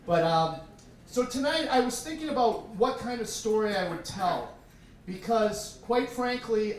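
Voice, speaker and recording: A man telling a humorous, self-deprecating story live to an audience in a tavern. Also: high voice. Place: tavern stage. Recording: echoey room from far off, faint background noise.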